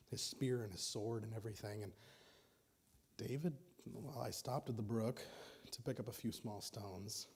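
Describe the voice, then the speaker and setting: Male preacher, husky mellow voice, relaxed storytelling sermon with restarts. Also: medium pitch.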